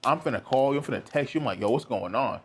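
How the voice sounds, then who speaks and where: A man's voice: medium pitch, expressive, fast, fairly bright tone, breathy edge. A young man hosting a podcast, telling a personal story in a candid, rambling way with lots of filler words. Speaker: podcast host.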